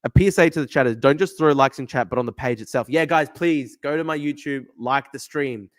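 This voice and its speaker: A man's voice: medium pitch, a little fast. Rambling young man hosting a livestream. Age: young adult. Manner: rambling, reads viewer comments aloud, repeats himself. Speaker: livestream host reading chat. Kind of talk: casual livestream chat.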